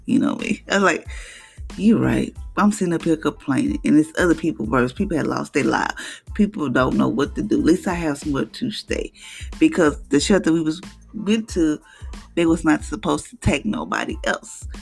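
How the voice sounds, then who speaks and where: A woman with a gravelly voice tells her own hard story, halting, repeating herself and close to tears. Soft music plays faintly behind her. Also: deep voice. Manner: halting, with many restarts and repetitions. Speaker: mother sharing a personal testimony. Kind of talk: emotional personal testimony.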